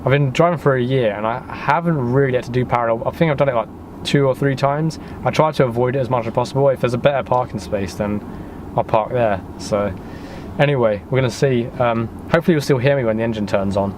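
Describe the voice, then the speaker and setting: A man's voice: mid-range voice, fast, noisy background. Chatty young man, self-deprecating vlogger. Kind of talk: casual vlog narration. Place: in a car and outdoors by a house.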